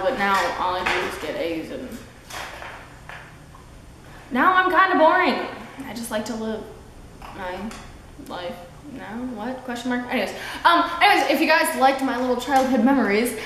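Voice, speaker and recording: A woman's voice: a little high, a bit bright. A teenage girl vlogging, chatty and rambling as she tells childhood stories and acts out quotes. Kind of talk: casual storytelling vlog. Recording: very echoey room with faint background noise. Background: sewing machine noise.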